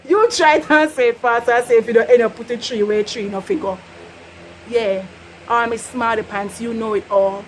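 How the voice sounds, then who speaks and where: A woman's voice: on the high side, expressive, measured pace, long pauses, slight background noise, rough recording. A Jamaican woman with a casual, playful way of talking, teaching patois in a vlog and often laughing. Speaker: vlogger.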